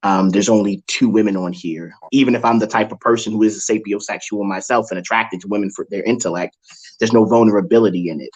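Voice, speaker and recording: A man's voice: fairly low pitch, steady tone, fast talker, darkish tone, husky, low-quality recording. A man judging a poetry slam, lecturing in an analytical live critique. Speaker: judge.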